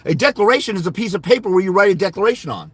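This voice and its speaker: A man's voice: high voice, very animated, very fast, breathy edge, dry recording. A man hosting a fathers' rights livestream, telling a story about a client in a heated, profane, insulting rant. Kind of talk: angry monologue recounting a client call.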